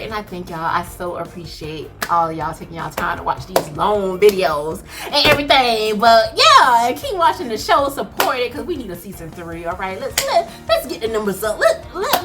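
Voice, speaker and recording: A woman recapping a TV episode in animated, dramatic casual chat, talking straight to her viewers. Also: medium pitch. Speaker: faith TV recap vlogger. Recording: music playing behind.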